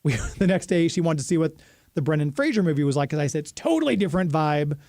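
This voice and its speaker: A man's voice: a little high, lively intonation, fast, warm tone, no room sound, clean studio sound. A man hosting a radio show, chatting casually and reading a sponsor spot with plenty of fillers.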